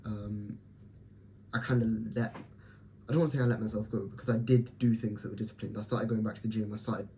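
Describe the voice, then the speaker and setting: Young male vlogger, low, very dark and mellow voice, blunt and profane, talking himself up straight to camera. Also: a little hiss or hum. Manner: blunt, profane, self-motivating pep talk. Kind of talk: candid personal vlog.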